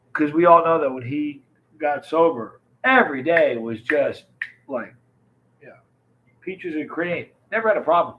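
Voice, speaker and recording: A man's voice: fairly high pitch, dull audio, a little hiss or hum. A man with a stuffed-up, congested nose, hosting a casual livestream chat and greeting viewers by name with rambling asides. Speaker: livestream host.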